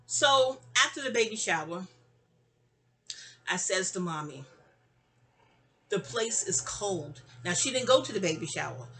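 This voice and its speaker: A woman's voice: mid-range voice, lively intonation, moderate pace, long pauses, bright, forceful tone. A middle-aged woman telling a long personal story in a casual, rambling way, often digressing. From New York.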